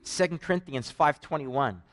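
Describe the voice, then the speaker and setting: A man's voice: a little high, normal speed. A man with a Canadian accent preaches a conversational sermon, telling stories with joking asides. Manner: animated storytelling, joking asides.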